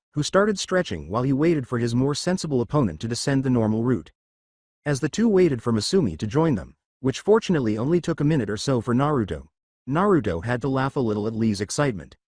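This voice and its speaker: A man narrating a fan fiction story aloud in a steady reading manner. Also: medium pitch, quick pace, dry recording, clean studio sound.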